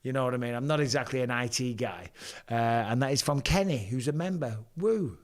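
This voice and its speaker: A man's voice: medium pitch, a little fast. A middle-aged man from Lancashire talks loosely through a live fight-reaction stream, with a strong Lancashire accent. He rambles, swears freely and keeps up a chatty patter. His voice sits in an ordinary middle register. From Lancashire, England. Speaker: host, former fighter. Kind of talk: casual live-stream commentary.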